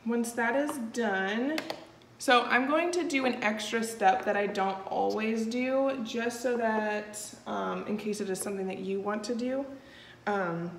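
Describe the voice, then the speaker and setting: A woman's voice: fairly high pitch, measured pace. A woman talking through a step-by-step tutorial in a chatty, easygoing way, with frequent fillers. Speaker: makeup tutorial host. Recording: echoey room with faint noise.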